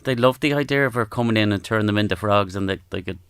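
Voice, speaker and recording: An Irish man telling stories as a podcast guest, gentle and halting, with frequent restarts. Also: on the low side, gravelly, clear, resonant tone, no echo. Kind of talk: reflective storytelling.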